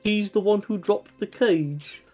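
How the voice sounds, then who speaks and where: A game master voicing a huge young dragon in a tabletop game, asking slow, plain questions. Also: mid-range voice, a little mellow, soft background music, voice pushed up, natural voice. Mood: accusing. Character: young dragon, huge, confused and mildly annoyed.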